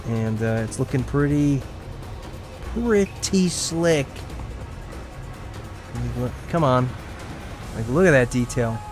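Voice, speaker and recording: Chatty excitable male game streamer. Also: mid-range voice, slow, pauses often, music in the background. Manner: chatty, excitable, laughs often, reads chat aloud. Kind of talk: casual live gameplay commentary.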